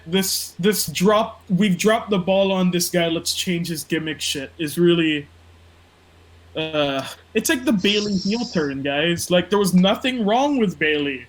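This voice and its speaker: A man's voice: sits high, a bit bright, poor audio. A man co-hosting a casual wrestling podcast from the Philippines, ranting with lots of swearing and mocking impressions. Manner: profane, ranting, mock-impressions. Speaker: podcast co-host.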